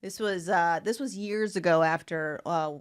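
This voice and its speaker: A woman telling a story on a podcast, animated and laughing as she goes. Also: fairly low pitch, normal speed, a little hiss or hum. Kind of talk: casual storytelling.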